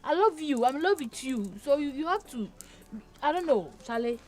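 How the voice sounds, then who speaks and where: An eager, lovesick young girlfriend with a Ghanaian Pidgin English accent. Her voice sits high, and she pleads and repeats herself. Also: lively intonation, normal speed. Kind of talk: comedy drama acting.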